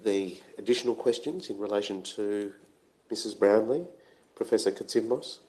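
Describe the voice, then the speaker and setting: A man's voice: fairly low pitch, moderate pace, warm tone, poor audio. An Australian man questioning expert witnesses at an inquest, brief and procedural. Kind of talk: formal courtroom questioning.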